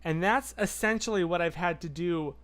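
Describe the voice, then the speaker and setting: A man hosting a casual livestream, chatting and answering viewer comments in an excitable, rambling way. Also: sits high, moderate pace. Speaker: livestream host.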